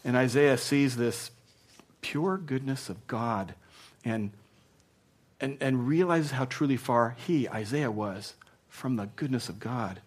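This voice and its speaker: A male pastor delivering a sermon in an ordinary mid-range voice. He talks casually, with plenty of "you know", then drives his points with loud emphatic bursts and soft, low asides. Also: takes it slowly, husky. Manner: emphatic, swinging between punchy loud lines and hushed asides; conversational, with frequent "you know".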